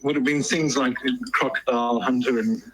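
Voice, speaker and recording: A man as a guest on a podcast, telling stories in a relaxed, chatty way. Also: mid-range voice, normal speed, rough recording. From South Africa. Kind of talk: casual interview chat.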